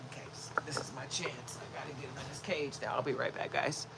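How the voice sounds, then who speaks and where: A woman's voice: very deep voice, fairly even intonation, quick pace, gravelly, few pauses, heavy background noise. A woman vlogging at home, cooing baby talk to her dogs and chatting to viewers. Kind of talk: casual chat with pets and viewers.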